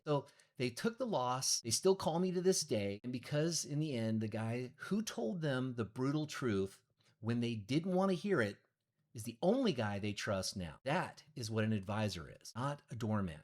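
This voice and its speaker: A middle-aged man, a real estate agent, telling a blunt, emphatic story in a monologue to camera. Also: medium pitch.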